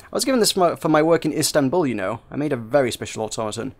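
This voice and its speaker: A man voicing a gruff woman mechanic with a Yorkshire accent, grumbling as he reads a game aloud. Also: medium pitch, sing-song, rapid-fire. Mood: chatty.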